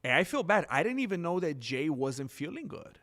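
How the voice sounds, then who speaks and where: A man's voice: a little high, sing-song, a little fast, fairly bright tone. A man hosting a casual livestream, rambling and reacting to the chat with lots of ums. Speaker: livestream host. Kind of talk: casual live-stream chat.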